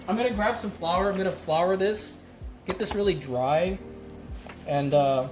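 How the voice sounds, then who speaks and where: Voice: mid-range voice, a little slow, faint music behind. A streamer chatting casually while cooking on a live stream, rambling and laughing often. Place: home kitchen.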